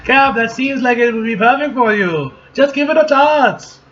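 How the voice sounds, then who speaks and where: A man voicing a caring, gently scolding mother with a put-on accent. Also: extremely high pitch, lively intonation, normal speed, lo-fi sound, a little hiss or hum, voice pushed up. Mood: motherly.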